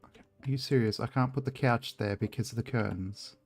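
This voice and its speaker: A man's voice: medium pitch, fairly quick, no echo, soft background music. A man chatting casually and joking as he streams a video game, swearing freely. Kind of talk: casual chat while gaming.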